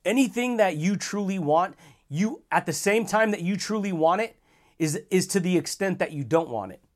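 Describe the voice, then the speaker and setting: High-voiced, slangy motivational man. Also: expressive, normal speed. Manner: casual, slangy and enthusiastic, with frequent chuckles. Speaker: podcast host. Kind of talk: motivational podcast monologue.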